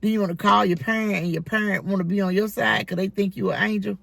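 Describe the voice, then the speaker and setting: Gravelly, scolding middle-aged bus driver. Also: mid-range voice, steady tone, fast talker, fairly bright tone, dry recording. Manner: scolding, emphatic, repetitive. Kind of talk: casual monologue vlog.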